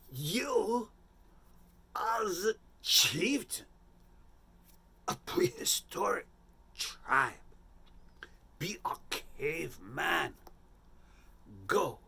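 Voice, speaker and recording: A storyteller doing a high-strung film director, his voice pushed up well above normal and a touch husky. He talks in halting, drawn-out pleas, stretching every word. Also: pushed and bright, full character voice. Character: fussy overwrought male film director.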